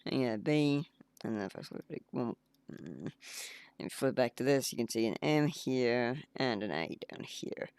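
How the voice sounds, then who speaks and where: A man's voice: mid-range voice, expressive, measured pace, gravelly, darkish tone, smooth, dry recording. A man rambling casually on a game development livestream, laughing at himself as he clicks through files. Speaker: indie game developer streaming.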